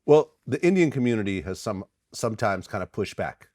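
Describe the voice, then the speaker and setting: Brief: male interview host, very low voice, halting, reads from notes. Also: lively intonation, a little mellow, no room sound, clean studio sound. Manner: halting, filler-heavy reading from notes. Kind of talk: interview questions.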